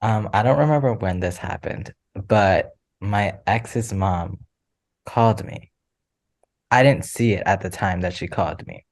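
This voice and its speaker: A man's voice: on the low side, a little slow. Laid-back man telling a story. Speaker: podcast guest. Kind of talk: casual chat.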